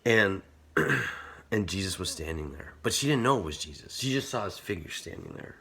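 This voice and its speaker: Male camp speaker, low husky voice, earnest and casual, lots of "like" fillers. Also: animated, normal speed, pushed and bright. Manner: conversational and earnest, full of "like" fillers. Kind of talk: casual youth sermon.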